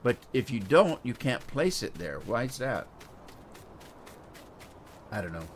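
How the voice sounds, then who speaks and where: Sing-song and a little slow, a mid-range voice comes from a middle-aged US man streaming a farming game. He chats casually, rambling and easygoing, naming viewers as he goes, with slight background noise.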